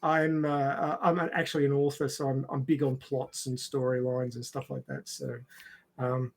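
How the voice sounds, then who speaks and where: A man's voice: medium pitch, flat delivery, moderate pace. An Australian man co-hosting a podcast in casual chat, reading a plot summary with lots of fillers and restarts. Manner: chatty, lots of fillers and restarts, laughs often.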